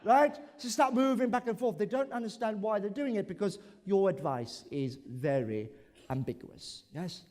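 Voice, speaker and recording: A man from Brunei giving an animated conference talk, acting out examples as he goes. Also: high voice, moderate pace. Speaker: conference speaker. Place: large conference hall. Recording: echoey conference hall.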